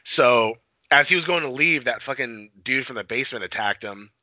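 A man rambles through a movie plot in casual podcast chat, swearing freely and acting out lines. His voice is very bright and forceful. The mic sounds dry and a little dull. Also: medium pitch, expressive, normal speed, dry recording. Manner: rambling, profane retelling with acted-out quotes. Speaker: podcast co-host.

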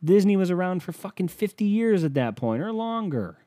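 A man's voice: high-pitched, big pitch swings, normal speed, mellow, no echo, clean studio sound. A man ranting as a comedian in a profane, sarcastic, rambling monologue.

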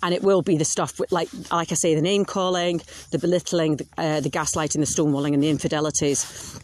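A woman's voice: low-pitched, steady tone, fast, darkish tone. Blunt woman podcasting solo. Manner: blunt, frank, swears freely. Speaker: podcast host. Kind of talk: casual monologue.

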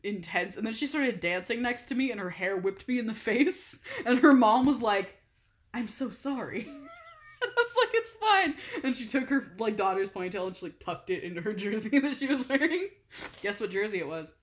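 Animated young woman telling a story. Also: a little high, fairly quick, a little hiss or hum. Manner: excitable, laughs often, swears freely. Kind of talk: casual chat, storytelling.

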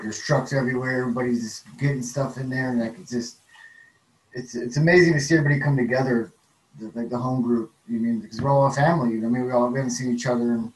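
Man, mid-pitched, rambling casual co-host, roomy echo. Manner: easygoing, rambling, halting. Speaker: podcast co-host. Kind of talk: casual chat.

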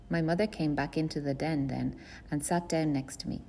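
A woman narrates a first-person novel in a measured, even way. Her voice is low and gravelly, with a creaky edge at phrase ends. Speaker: audiobook reader.

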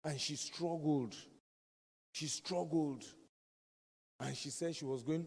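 A man delivers a sermon with emphatic repetition, hammering his key phrases again and again. His voice sits fairly high yet sounds dark and mellow. The long reverb of a large hall trails after every line. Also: takes it slowly, long pauses, breathy edge. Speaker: preacher.

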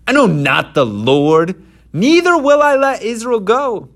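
A man's voice: sits high, big pitch swings, a little slow, a bit bright, voice pushed up, exaggerated voice. A man voicing an arrogant male pharaoh who scoffs and dismisses everyone around him. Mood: scornful. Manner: mocking, dismissive.

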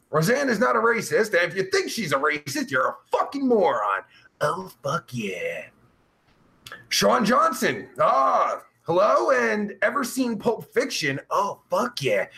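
Reading out his chat, a young male streamer rambles and riffs with plenty of sarcasm and swearing. His voice sits high for a man, has vocal fry and a sharp edge, and swoops around constantly, interrupted by groans and drawn-out sighs.

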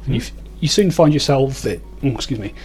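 A man's voice: medium pitch, animated, fairly quick, a little mellow, slightly rough. A man narrating a tabletop game as game master, describing scenes in a rambling way.

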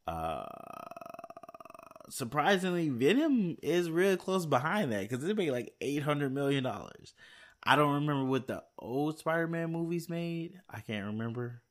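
A man's voice: on the high side, very animated, a little slow. A man chatting casually to his viewers, rambling and thinking aloud with many fillers and restarts, a little tired. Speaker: movie news vlogger. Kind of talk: casual chat to camera.

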